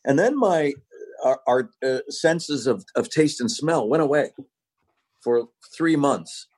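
A man's voice: mid-range voice, animated, takes it slowly, a little mellow. Guy guest on a podcast, talking into his phone on a video call, easygoing and laughing a lot. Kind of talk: casual podcast chat. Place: home without power.

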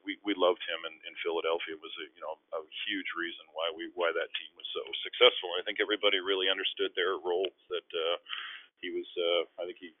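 A middle-aged man from Canada, a former basketball player and guest on a radio show, telling stories in an animated way and acting out the voices of others. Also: deep voice, fast. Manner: animated, acts out quoted voices, frequent restarts. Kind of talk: storytelling interview. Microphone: phone call. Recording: phone line.

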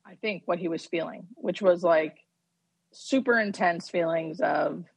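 A woman hospice nurse, a podcast guest, telling a personal story in a halting, animated way with many fillers. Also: lowish voice, vocal fry, slightly rough, no room sound. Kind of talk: casual podcast conversation.

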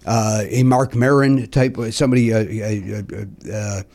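A man with a Chicago accent co-hosting a podcast, chatting casually and halting often with fillers. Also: on the low side, fairly even intonation, darkish tone. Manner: rambling, halting delivery with many fillers. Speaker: podcast co-host.

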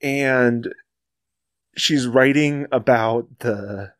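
A man in casual conversation about a film, getting choked up, halting and restarting as he recounts scenes. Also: mid-range voice, dry recording, clean studio sound. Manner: emotional, halting, many restarts.

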